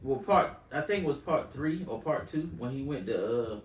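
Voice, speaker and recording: A man co-hosting a casual podcast chat who tells stories in a loud, animated way and laughs often. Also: mid-range voice, moderate pace. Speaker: podcast co-host. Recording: roomy, distant mic, faint noise.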